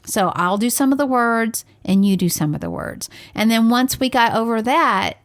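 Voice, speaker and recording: A woman's voice: a little high, moderate pace. A woman co-hosting a podcast, telling stories in casual chat and acting out the conversations she recounts. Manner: animated storyteller acting out dialogue. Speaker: podcast co-host, parent.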